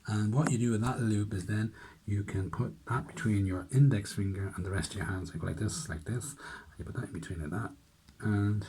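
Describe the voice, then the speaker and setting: A man's voice: lowish voice, noisy background. A man, a preschool teacher, patiently explaining step by step how to do a card trick for young children. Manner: patient, step-by-step with frequent "okay?".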